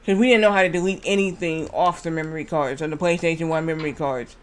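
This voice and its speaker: Male streamer, high voice, casual and repetitive storyteller chatting live. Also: steady tone, quick pace, clean tone. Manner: rambling, repetitive anecdote telling with restarts.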